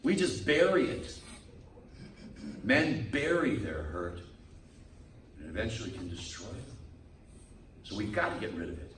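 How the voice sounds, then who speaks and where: A man, a priest, preaching a sermon to a men's group in a lively manner. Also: mid-range voice, unhurried, long pauses, reverberant, distant mic, slight background noise, poor audio. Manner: lively preaching, acts out quoted people. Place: meeting room.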